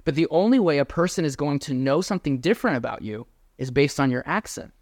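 A man preaching a sermon as pastor, earnest and emphatic, then closing in a softer prayer. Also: fairly high pitch, animated, fast, no echo, studio quality.

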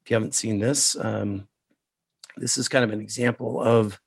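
A man with a rough voice today, talking casually and haltingly about computer graphics lighting, with many pauses and fillers. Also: fairly low pitch, steady tone, dry recording. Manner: halting, many ums, shares screen. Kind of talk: casual technical chat.

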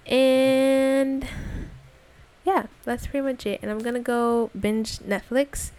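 A woman's voice: high voice, little pitch movement, slow pace, darkish tone, clean tone. A young adult woman hosting her own podcast, talking in a chatty, slangy way as a casual spoken diary. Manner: chatty and slangy, lots of fillers and asides. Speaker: podcast host.

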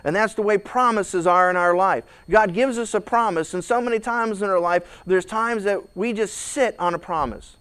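Male pastor, high voice, preaching with big dramatic swings from hush to shout, stammering restarts. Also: normal speed, hardly any pauses, clean tone. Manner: repeats words when starting sentences. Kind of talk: sermon.

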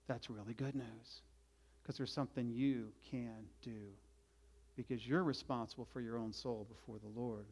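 A middle-aged man preaching a sermon as a pastor, earnest, swinging from loud urging to quiet, confessional passages. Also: fairly high pitch.

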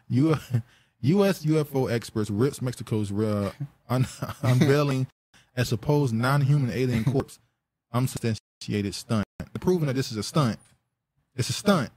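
Male podcast host, casual, rambling, quick to laugh. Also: medium pitch, animated, darkish tone. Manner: laughs often, rambling and joking.

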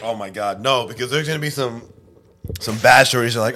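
A man's voice: mid-range voice, moderate pace, gravelly, sharp tone. A man in casual podcast chat as a guest, joking, swearing freely and laughing often. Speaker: podcast guest, singer in a band.

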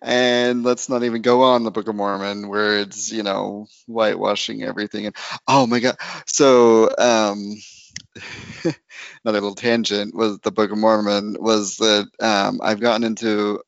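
A man's voice: lowish voice, level tone, unhurried, gravelly, no echo. Chatty man on a dry, muffled recording. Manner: chatty, laughs often, rambling tangents. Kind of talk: casual chat.

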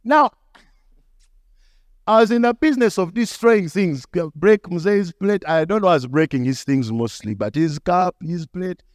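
Lively high-voiced pastor. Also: male voice, measured pace, no echo, studio quality. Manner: animated, acts out dialogue with shifting pitch. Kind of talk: storytelling sermon.

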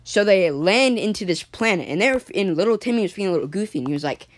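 A woman telling an improvised sci-fi story, rambling with many restarts, a cough, and frequent throat clearing. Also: medium pitch, lively intonation, fast, few pauses.

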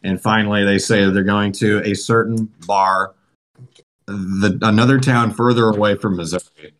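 A man co-hosting a podcast, telling a story in casual chat, swearing often and animated. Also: lowish voice, normal speed. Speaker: podcast co-host.

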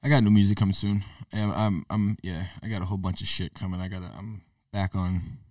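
A man's voice: deep voice, little pitch movement, brisk, a little mellow, no room sound, studio quality, far from the mic. A man co-hosting a podcast in casual, laid-back chat. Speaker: podcast co-host, musician.

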